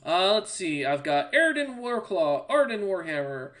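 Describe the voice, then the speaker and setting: A man's voice: high-pitched, very animated, normal speed, a bit bright. A man voicing a plain, chatty male orc shopkeeper who rattles off long lists of wares. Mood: salesy.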